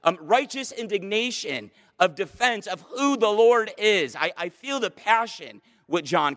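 High, bright-voiced preaching man. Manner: passionate, emphatic preaching. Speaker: pastor. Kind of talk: sermon. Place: church stage. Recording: long hall reverb.

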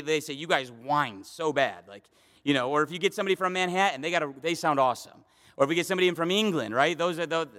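High-voiced emphatic male preacher. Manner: emphatic, swings between loud and hushed. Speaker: pastor. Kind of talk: sermon. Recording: long hall reverb.

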